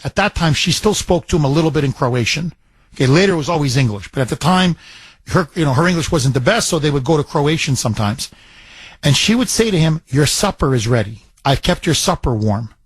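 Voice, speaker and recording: A man's voice: fairly high pitch, breathy edge, no room sound. A middle-aged man from Canada hosting a talk radio show, telling a personal story with emotion and emphatic indignation.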